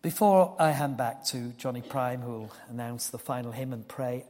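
An older man preaching a sermon, telling a personal story earnestly and dropping to a hushed tone for solemn moments. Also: medium pitch, moderate pace. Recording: long hall reverb.

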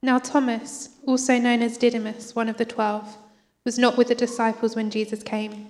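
A woman reading a Bible passage aloud in church, steady and even. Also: a little high, normal speed. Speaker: Bible reader. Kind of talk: scripture reading. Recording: church hall reverb.

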